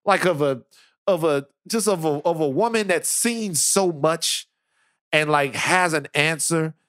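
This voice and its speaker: A man co-hosting a podcast in casual chat, animated and joking, with a rambling delivery. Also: fairly high pitch, a little slow, no echo, studio quality. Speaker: podcast co-host.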